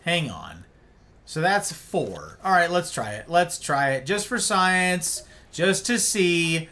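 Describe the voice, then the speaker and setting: A man's voice: on the high side, sing-song, slow pace, bright, forceful tone. A man streaming a game live, exasperated and ranting about the controls while talking to his chat and a friend.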